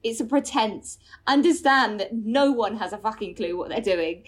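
A woman comedian, a guest on a podcast, chatting casually and telling an animated story with lots of fillers and the odd swear word. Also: fairly high pitch, moderate pace, slightly rough.

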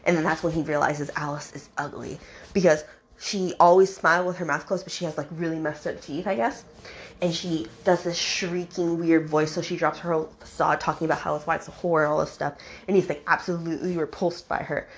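Young woman, podcast book host, slightly low voice, casual and exasperated, mock-quotes characters. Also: fairly even intonation, brisk.

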